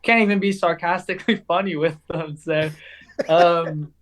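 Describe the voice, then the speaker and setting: A young man from England whose accent has softened after growing up in the South, chatting casually on a call, laughing often and saying "dude" a lot. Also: on the high side, steady tone, moderate pace. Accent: English, softened after years in the American South. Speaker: guest, racer. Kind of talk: casual podcast chat.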